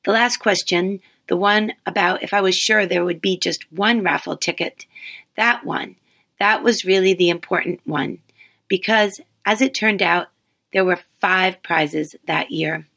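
A woman's voice: fairly low pitch, a little slow, vocal fry, sharp tone. A woman reading her own first-person story aloud, wry and self-deprecating in her telling.

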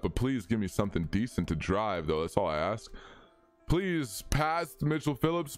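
A young man streaming a racing game live, chatting casually and answering viewers' chat as he plays. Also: mid-range voice.

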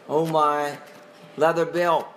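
A man's voice: fairly high pitch, a little hiss or hum. Conversational man teaching a Bible class. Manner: conversational, asks the class questions, chuckles often.

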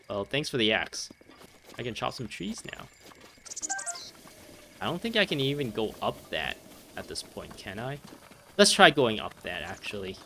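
A man's voice: medium pitch, very animated, normal speed, creaky, long pauses, bright, forceful tone, a little hiss or hum. A man giving casual let's play commentary, rambling and easily distracted, laughing often as he plays. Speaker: gameplay commentator.

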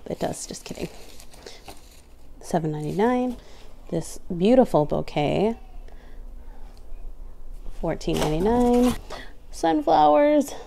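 A woman's voice: fairly low pitch, gravelly, dark tone, a little hiss or hum. A young adult woman casually narrating an unboxing at home, reading out prices item by item with chatty asides. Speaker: vlogger unboxing a craft store grab bag.

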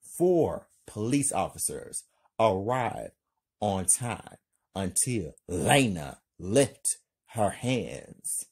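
A man's voice: lowish voice, gravelly, fairly bright tone, slightly rough. A man narrating a homemade thriller story as channel host, hyped and repetitive. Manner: hyped, repetitive, drawn-out delivery.

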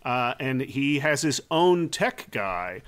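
Co-host recapping the plot, smooth and resonant voice, halting delivery. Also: male voice, medium pitch, very animated, a bit bright. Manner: halting, with frequent fillers.

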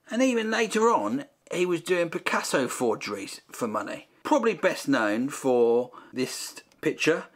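A man's voice: mid-range voice, fairly bright tone. A man hosting a comic paint-along video, talking in a dry, joking way and making jokey asides to himself. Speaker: host painting a copy of a famous artwork.

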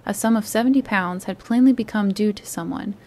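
A woman reading a classic adventure story aloud in a calm, soothing voice, lightly lifting her tone for the characters' speech. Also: mid-range voice, a little fast. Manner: soft and soothing, gently voicing the characters. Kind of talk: calm bedtime read-aloud.

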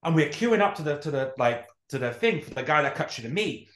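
A man chats casually on a podcast and tells stories with lots of swearing, acting out the people in them. His pitch swings widely as he talks. The room gives his voice a noticeable echo. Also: fast. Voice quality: animated storyteller, swears freely, acts out quotes. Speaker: podcast co-host. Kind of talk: casual chat. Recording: roomy echo.

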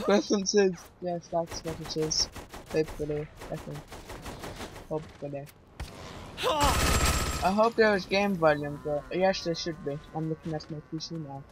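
A man commenting on his own gameplay, excitable, swearing a lot and yelling at the game with jokes. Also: on the high side, normal speed, background noise. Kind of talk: playing a game and reacting.

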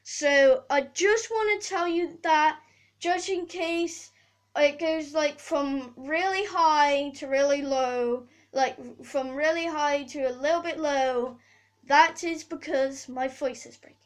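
A woman's voice: sits high, takes it slowly, low-quality recording. A preteen girl hosting a casual video update from her bedroom, rambling and apologizing often, with many fillers. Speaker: channel host. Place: bedroom at home.

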